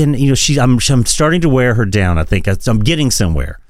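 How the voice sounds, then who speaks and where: A man co-hosting a podcast in casual political chat, profane and animated, often laughing. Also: mid-range voice, a little fast, hardly any pauses, no room sound. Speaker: podcast co-host.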